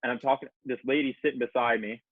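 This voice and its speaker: A man's voice: mid-range voice, steady tone, fast talker, no room sound. Profane storytelling man on a tinny line. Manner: profane, rambling anecdote with acted-out quotes. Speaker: podcast guest. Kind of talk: casual storytelling chat. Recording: dry, phone-like narrow sound.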